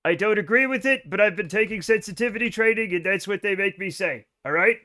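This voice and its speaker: A man's voice: sits high, fast, pushed and bright. A middle-aged American man streaming live, chatting casually with viewers in a joking, profane way that often breaks into laughter.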